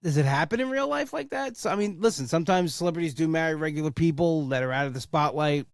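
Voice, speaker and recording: A young man chats on his own podcast in a loose, rambling way and swears when he gets excited. His voice sits a bit high for a man. The sound is close and dry, with no room around it. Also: quick pace, no room sound. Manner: enthusiastic, rambling, swears for emphasis. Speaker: podcast host. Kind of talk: casual solo podcast chat.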